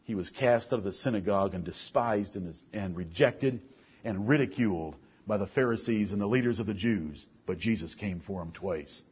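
A man preaching a sermon, firing off rhetorical questions and swinging between soft, low passages and loud, raised ones. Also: moderate pace, husky, dull audio.

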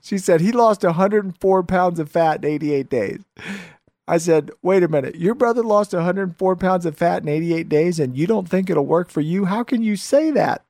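A man hosting a motivational talk show, telling stories with animated quoted dialogue and frequent laughter. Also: high-pitched, normal speed, no echo, studio quality. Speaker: show host.

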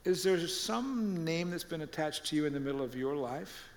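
A man preaching a sermon and retelling stories with lively quoted voices. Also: fairly high pitch, normal speed, long reverb tail. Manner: animated storytelling, acting out quoted voices. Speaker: pastor.

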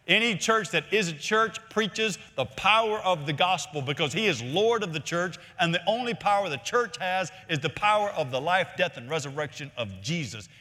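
A man preaching a sermon as senior pastor, emphatic, repeating key phrases and climbing higher to stress his points. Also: bright, forceful tone. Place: large church sanctuary. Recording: long hall reverb from a church.

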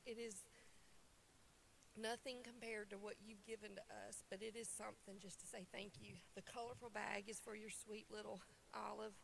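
A woman's voice: medium pitch, flat delivery, moderate pace, vocal fry, a bit bright, slight background noise. A woman from a church worship team, crying as she gives emotional, heartfelt thanks.

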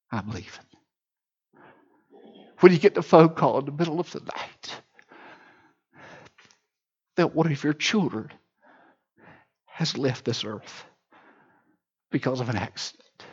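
Male pastor, husky, impassioned pulpit delivery, hushed to loud, muffled recording. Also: mid-range voice. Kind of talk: sermon.

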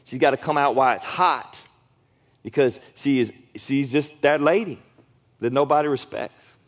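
A middle-aged man, a pastor preaching a sermon in a casual, animated way, acting out quotes in sudden loud high bursts. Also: normal speed.

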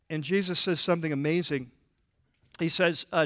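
A man preaching a sermon in a church, conversational and animated, with frequent restarts and filler words. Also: a little high, moderate pace, no room sound, clean studio sound. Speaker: pastor.

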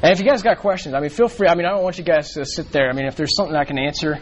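A man teaches scripture to a small group in an easy, unscripted way, circling back and restarting his sentences often. His voice sits a little high for a man. A faint hiss of noise runs under the recording. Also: rapid-fire, lo-fi sound. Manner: rambling, frequent fillers and restarts. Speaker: bible study leader. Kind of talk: casual bible teaching.

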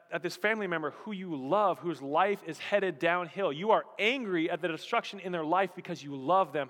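A male pastor preaching a sermon with dramatic storytelling, dropping low and quiet, then swelling loud. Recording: long reverb of a large hall.

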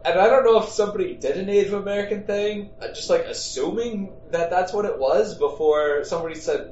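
A man's voice: sits high, brisk, few pauses, a little mellow, a little hiss or hum. A man in casual chat, explaining hesitantly with many fillers. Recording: dull roomy sound from a distance.

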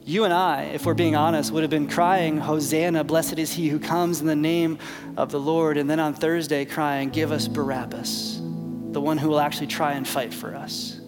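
A male pastor preaching a sermon, with dramatic swings from loud emphasis down to near whispers. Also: a little high, level tone, moderate pace, long reverb tail, over music.

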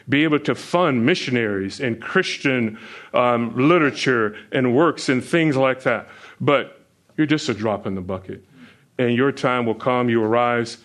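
A man preaching a sermon who keeps asking the listeners questions, with chuckles between points. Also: fairly bright tone. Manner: asks the listeners questions, rises in pitch when stressing points. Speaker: pastor.

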